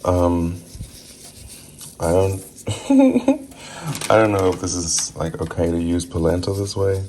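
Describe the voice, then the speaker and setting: Very low-voiced man in rambling cooking chat. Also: flat delivery, a little slow, a little mellow, a little hiss or hum. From New Zealand. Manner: rambling, chatty, full of asides and filler words. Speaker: home cook vlogger.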